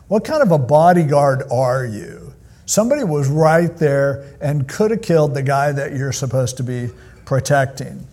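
A male pastor preaching a sermon in an animated, conversational style as he retells a Bible story. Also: mid-range voice, normal speed.

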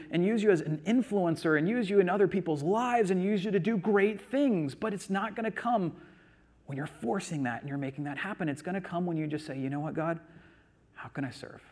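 A man preaching to his congregation, telling a personal story in a casual, animated way with lots of conversational fillers. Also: sits high. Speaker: pastor. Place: church in front of a congregation.

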